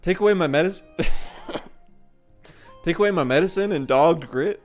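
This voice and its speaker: A man's voice: a little high, moderate pace, faint music behind, voice pushed up, close to an everyday voice. A man reading out the lines of a hearty young male traveling apothecary from a video game, in a boisterous way.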